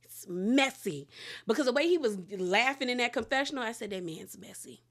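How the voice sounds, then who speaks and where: A woman's voice: fairly high pitch, lively intonation, brisk, fairly bright tone. A woman hosts a casual recap of a reality show. She tells the story with big energy and acts out each quote as she goes, and her chat is loose and full of laughter.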